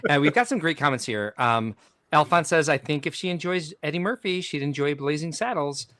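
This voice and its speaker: A man's voice: fairly high pitch, fairly quick, sharp tone, no room sound. A middle-aged man co-hosting a livestream podcast in casual chat. He reads viewer comments aloud and jokes around them. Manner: jokey, laughing, reads comments aloud with asides.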